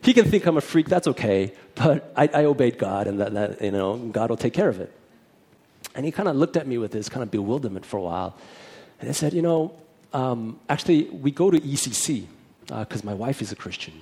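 A man's voice: mid-range voice, expressive, a little fast, mellow, breathy edge. A man who is a minister, telling a personal testimony in a chatty storytelling way and acting out both sides of the conversation.

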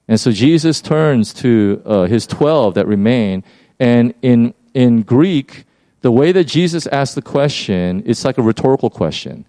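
A man preaching a casual, conversational sermon as pastor, animated and prone to restarting his phrases. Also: medium pitch, no room sound.

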